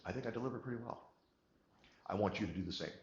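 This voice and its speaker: A man giving a motivational coaching talk, emphatic and repeating key words, moving from quiet to energized. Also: fairly low pitch, very fast, echoey room, dull audio, slight background noise. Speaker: business coach.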